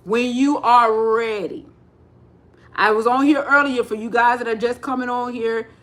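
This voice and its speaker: High-voiced animated woman on livestream. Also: measured pace. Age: middle-aged. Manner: animated, repeats phrases, acts out quoted voices. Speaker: spiritual livestream host. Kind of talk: casual livestream talk.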